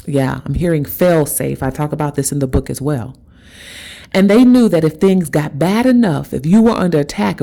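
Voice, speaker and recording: A woman hosting a spiritual motivational monologue. She talks emphatically and repetitively, checks in with listeners with a quick "okay?", and drags out key words for dramatic stress. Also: sits low, mellow. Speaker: host.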